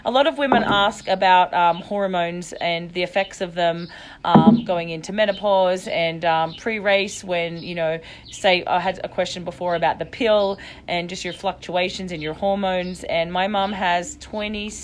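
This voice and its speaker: Chatty woman coach, lowish voice. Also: moderate pace, slight background noise. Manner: laughing, chatty, excitable. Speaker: triathlon coach and co-host. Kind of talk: casual live-stream chat.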